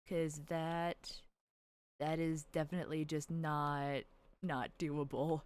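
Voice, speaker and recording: A woman's voice: low voice, flat delivery, slow, clear, resonant tone. Chatty woman streamer cooing at her game. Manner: chatty, squeals and coos over cute characters; rambling, with restarts and giggles. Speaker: livestreamer. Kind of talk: casual gameplay commentary to chat.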